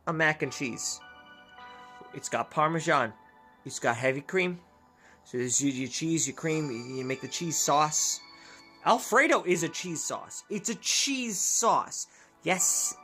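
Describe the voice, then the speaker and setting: A man's voice: a little high, sharp tone. A man chats through a let's play in a loose, rambling way, joking and cutting himself off mid-thought. Faint music plays underneath. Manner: rambling, jokey, self-interrupting. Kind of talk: casual gameplay chat.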